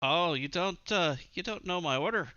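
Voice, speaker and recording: Bright man in a made-up accent. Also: high voice, normal speed, clear, resonant tone, dry recording, muffled recording. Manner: speaks in a made-up put-on accent. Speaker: player. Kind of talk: in-character tabletop role-play.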